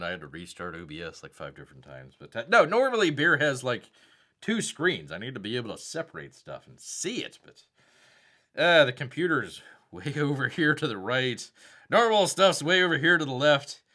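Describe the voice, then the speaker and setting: In a sharp, mid-range voice with a Southern accent, a man runs a casual live stream. He rambles on, reads viewers' chat messages aloud, and calls himself by a nickname in the third person.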